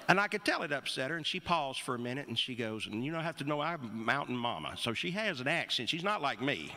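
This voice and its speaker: A man's voice: fairly high pitch, very animated, pushed and bright, slight background noise. Rambling middle-aged man telling a story. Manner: rambling, halting, wry asides. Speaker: singer and storyteller on stage. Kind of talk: onstage storytelling between songs.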